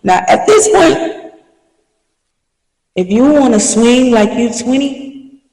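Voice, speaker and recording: A young woman tells a story with animated, slangy energy, like a podcast host catching up with her listeners. Her voice comes from a little way off the mic. It rings around a roomy space with a long tail of reverb. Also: a little high, slow pace. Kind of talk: casual storytelling. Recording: echoey room, mic at a distance.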